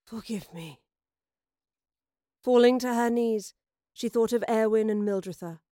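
A woman narrating an audio drama in a measured, dramatic storytelling manner. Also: fairly high pitch, fairly even intonation, mellow, no echo, clean studio sound.

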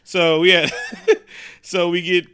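A man's voice: high voice, level tone, slow, bright, forceful tone, clear, resonant tone. A man co-hosting a casual podcast, recapping a movie with profane jokes and acted-out quotes. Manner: profane, joking, acts out quotes. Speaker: podcast co-host.

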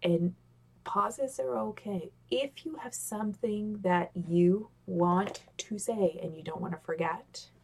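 Animated woman giving on-camera tips. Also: mid-range voice, slow pace. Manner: animated, talks with gestures, excitable. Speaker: presenter giving communication tips. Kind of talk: casual instructional talk on camera. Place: home office with a squeaky chair. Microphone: webcam on a video call.

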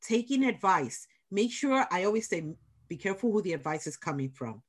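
A woman's voice: mid-range voice, very animated, brisk. A middle-aged woman with a New York accent, hosting a casual podcast interview and stressing her points with repetition and encouragement. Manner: emphatic, repeats key points, encouraging. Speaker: podcast host, small business center director.

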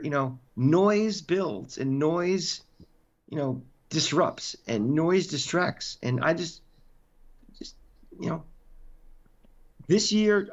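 Emphatic man ranting on a lo-fi podcast. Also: on the high side. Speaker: podcast co-host. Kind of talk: casual sports chat.

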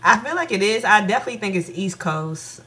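A woman's voice: mid-range voice, lively intonation, fast talker, bright, forceful tone. Listener woman, short agreeing answers; distant, roomy sound. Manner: brief backchannel replies, laughs along. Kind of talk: casual chat. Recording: echoey room, distant from mic.

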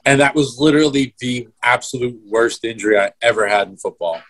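A man's voice: mid-range voice, fairly quick, a bit bright. A young man telling a story in casual chat, swearing freely and replaying events step by step. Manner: swears a lot, vivid play-by-play retelling.

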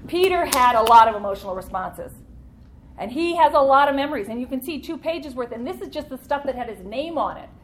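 A woman's voice: high voice, expressive, fairly quick, a little hiss or hum. A woman teaching a church Bible study class in an earnest, conversational way, leaning into key points.

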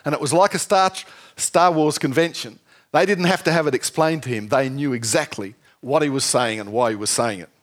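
A man preaching a sermon, lively and jokey, often asking the congregation questions. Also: medium pitch, fairly quick. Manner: lively, asks the audience questions, jokey asides.

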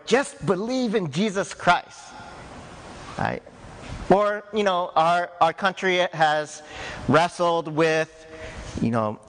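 Slow-talking pastor in an echoey hall. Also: male voice, on the high side, a bit bright, slight background noise. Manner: conversational, earnest, with frequent "right?" asides. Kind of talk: sermon.

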